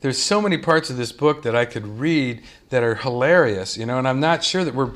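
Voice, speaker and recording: Male radio host, upbeat and chatty, average pitch, sign-off patter. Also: animated, a little fast, a bit bright. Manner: upbeat, reads book lines with mock outrage.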